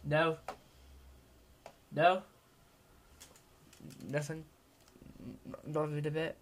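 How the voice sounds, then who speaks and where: Brief: male vlogger talking through a game at a very unhurried pace, self-mocking, uneven volume. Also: on the high side, little pitch movement. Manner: rambling, self-mocking, swings from mumbling to loud outbursts. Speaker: gaming vlogger. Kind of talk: let's-play commentary.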